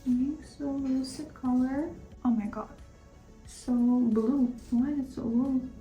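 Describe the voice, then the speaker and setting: A woman's voice: high voice, steady tone, slow pace, dark tone, faint music behind. A woman talking through her makeup as a vlogger, chatty and rambling, with self-critical asides. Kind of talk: casual makeup tutorial commentary. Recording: echoey room.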